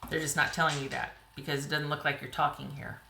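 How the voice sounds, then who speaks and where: A woman giving a casual, rambling tarot reading to viewers, her voice getting a little hoarse. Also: low voice, flat delivery, quick pace, echoey room, noisy background. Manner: chatty, rambling, frequent "you know" and "like". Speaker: tarot reader.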